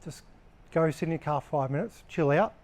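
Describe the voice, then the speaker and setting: Male workplace trainer, slightly higher pitch, blunt and casual, swears, talks to a live group. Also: brisk, a little mellow.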